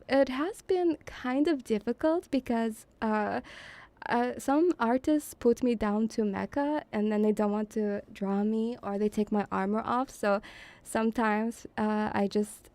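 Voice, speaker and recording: Young female streamer from Eastern Europe, high voice, bubbly and teasing, dry close mic. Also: a little slow, warm tone, no echo. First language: an Eastern European language. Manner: bubbly and teasing, giggles often, calls viewers darling. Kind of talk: casual live-stream chat.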